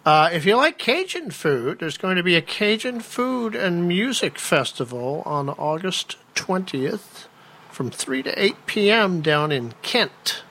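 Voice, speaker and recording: Bright-voiced joking male co-host. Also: high-pitched, big pitch swings, measured pace, a little hiss or hum. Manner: joking, playful asides. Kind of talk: casual chat reading event listings.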